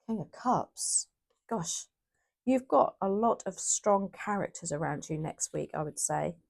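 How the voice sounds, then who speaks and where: A woman's voice: on the low side, animated, a little slow, gravelly, a little mellow. A woman giving a casual, chatty tarot reading to her viewers, often correcting herself as she thinks aloud. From United Kingdom. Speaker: tarot reader.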